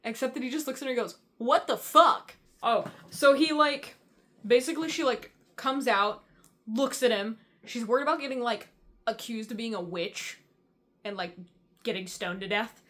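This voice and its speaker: A woman's voice: a little high, normal speed, a bit bright. A young woman giving a casual, rambling book breakdown, chatty and full of fillers and swearing. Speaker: book reviewer.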